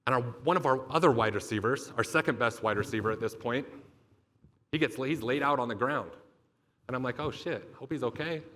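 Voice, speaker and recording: Man, motivational speaker, bright forceful voice, profane storytelling, stage mic. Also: medium pitch, fairly quick. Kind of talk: storytelling keynote speech. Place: event stage.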